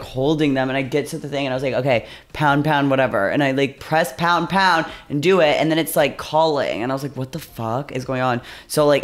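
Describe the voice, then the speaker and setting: A young man, a podcast co-host, chatting casually and rambling through stories full of "like" fillers. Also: mid-range voice. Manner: rambling storyteller, heavy use of "like", acts out quotes. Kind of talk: casual chat.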